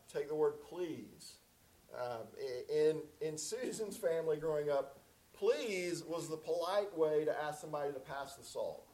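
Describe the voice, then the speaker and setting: A man's voice: on the high side, a little mellow, low-quality recording. A man preaching a sermon as pastor in a conversational, folksy way with many fillers.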